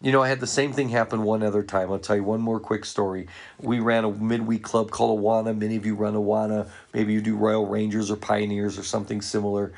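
Male ministry leader, gravelly voice, earnest anecdotal storytelling to a church audience. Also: fairly low pitch, flat delivery, fast. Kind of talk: storytelling talk to ministry workers.

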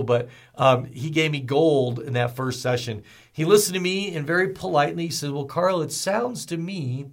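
A man hosting a ministry podcast, talking in an energetic, storytelling way with folksy asides. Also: on the high side, vocal fry. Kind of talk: motivational podcast talk.

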